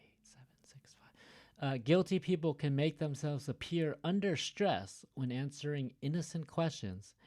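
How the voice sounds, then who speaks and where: A man's voice: mid-range voice, a little mellow. A man teaching an online reading lesson, talking casually, stopping often to explain and joke. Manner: chatty, stops to explain and joke.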